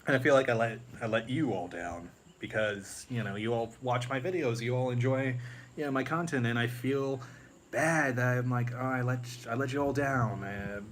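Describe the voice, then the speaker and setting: A man's voice: medium pitch, moderate pace, slight background noise. A man chatting casually on a live stream, rambling with many fillers and restarts. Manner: rambling, many fillers, breaks into movie-quote impressions. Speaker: YouTube creator on a live stream.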